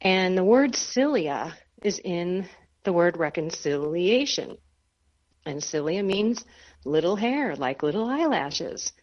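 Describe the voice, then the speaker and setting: A woman guest on a radio interview, telling a personal faith story in an animated, self-deprecating way. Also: lowish voice, slow pace, highs cut off. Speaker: guest author.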